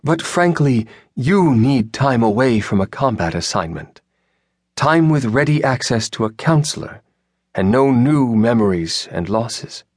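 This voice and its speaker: A calm, commanding senior admiral, voiced by a male audiobook reader who sounds apologetic yet never leaves room to argue. The voice sits higher than the reader's own low register. It is recorded close and dry, with no room sound. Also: no echo. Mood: measured. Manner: measured, apologetic yet firm.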